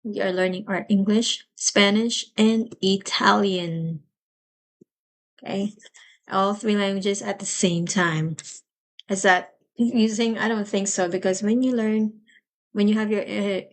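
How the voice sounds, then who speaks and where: A woman teaching a live language lesson, explaining patiently and repeating each phrase slowly. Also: medium pitch.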